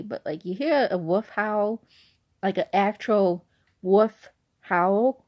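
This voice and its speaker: At night in her bedroom, a young woman vlogger rambles casually through a story, chatty and peppered with "like" and asides. Her voice is medium-pitched and a little mellow.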